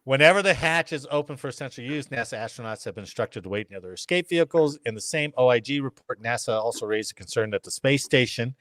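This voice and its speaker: A man hosts a podcast, reading news aloud and breaking off to joke about it. His pitch moves a lot as he talks. The sound is dry and close to the mic. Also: animated, fast talker, hardly any pauses, fairly bright tone, dry recording. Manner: jokey, reads articles then riffs with funny voices.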